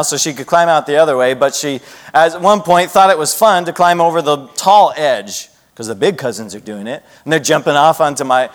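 A fairly high-voiced man in his thirties leads a youth sermon, praying earnestly and telling lively family stories. He acts out his kids' voices as he goes. His voice rings out with the long reverb of a large church hall. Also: normal speed. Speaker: youth pastor. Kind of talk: sermon with prayer and personal storytelling.

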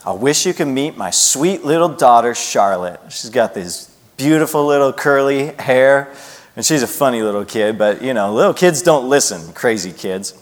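Earnest youth pastor in a reverberant hall. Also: male voice, mid-range voice, moderate pace. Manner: earnest, lively storyteller who acts out children's voices. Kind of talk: sermon with prayer and personal storytelling.

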